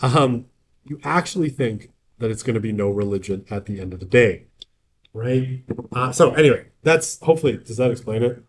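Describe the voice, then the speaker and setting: Man, university lecturer, casual classroom talk, joking asides, keeps asking "right?", middle pitch. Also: expressive, normal speed.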